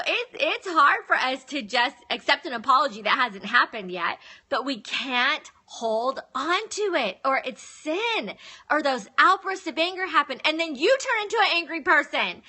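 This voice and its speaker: A middle-aged woman, talking earnestly about faith to viewers on a phone live stream. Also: high voice. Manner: earnest, animated, addresses viewers by name. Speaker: Christian live-stream speaker. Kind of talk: casual faith talk to viewers.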